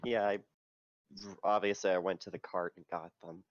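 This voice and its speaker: A man's voice: low voice, flat delivery, normal speed, dry recording, highs cut off. A man playing in a tabletop game, casually describing what his character does. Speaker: player. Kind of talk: tabletop role-play.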